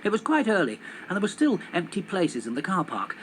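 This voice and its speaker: A man reading a children's story aloud on television in an animated, expressive way. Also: high-pitched, brisk, a little hiss or hum, poor audio.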